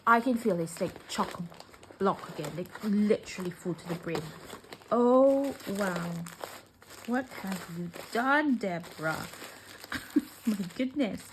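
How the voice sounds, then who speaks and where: A woman vlogger talking slowly and warmly over her crafting gifts, tearfully welling up as she gushes. She often drops into soft whispers between fillers and sighs. Faint noise and paper crinkling sit behind her. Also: mid-range voice, lively intonation. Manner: gushing, emotional, often breaking into soft whispers; slow, with many fillers and sighs. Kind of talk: casual unboxing chat.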